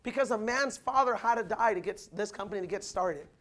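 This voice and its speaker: A young man giving an energetic motivational business talk to a crowd, calling them "guys" and acting out what people said. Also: sits high, fast talker. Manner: energetic, addresses the crowd as guys, acts out quotes. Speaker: motivational speaker.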